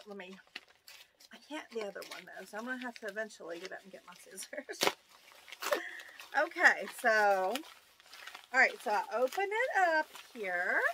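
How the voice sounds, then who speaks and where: A woman with a rural American accent hosting a casual unboxing video, excitable and gushing as she talks to her viewers. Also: fairly high pitch, noisy background. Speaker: YouTube channel host. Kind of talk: casual unboxing of fan mail.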